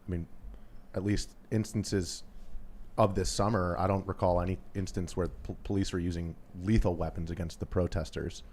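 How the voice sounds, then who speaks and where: A man with a fairly low voice speaks on a casual podcast panel. He talks in a measured, explanatory way as he makes his points. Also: level tone, darkish tone, slightly rough.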